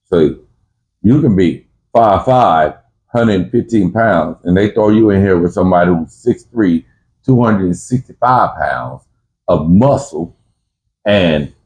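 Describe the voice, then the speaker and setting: A man's voice: fairly low pitch, a little mellow, poor audio. A man telling prison stories in casual talk, full of street slang and restarts, who acts out both sides of a fight in a raised voice. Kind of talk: casual storytelling.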